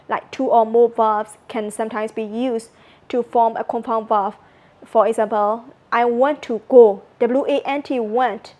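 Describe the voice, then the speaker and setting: A woman with a Burmese accent giving a language lesson, explaining step by step and slowly repeating example phrases, with many fillers like "like" and "you know". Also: a little high, muffled recording. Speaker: language presenter.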